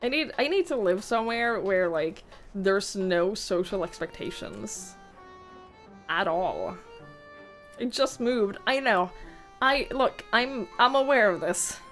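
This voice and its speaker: A woman's voice: medium pitch, lively intonation, slow pace, a bit bright, faint music behind. A young woman streaming a game, chatting in a rambling, giggly way and swearing casually. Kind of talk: casual chat while gaming.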